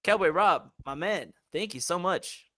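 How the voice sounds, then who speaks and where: A man's voice: sits high, lively intonation, a little slow, fairly bright tone. Chatty, slangy man hosting a fan stream. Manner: loose and chatty, slangy, swears casually. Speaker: host of a fan football livestream. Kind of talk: casual live-stream chat.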